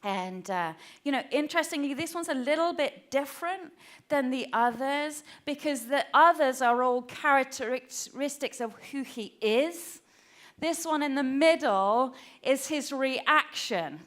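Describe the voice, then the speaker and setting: Chatty woman preacher, slightly high voice. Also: expressive, measured pace, fairly bright tone. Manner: chatty and self-deprecating, many fillers. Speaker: pastor. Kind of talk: sermon. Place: church.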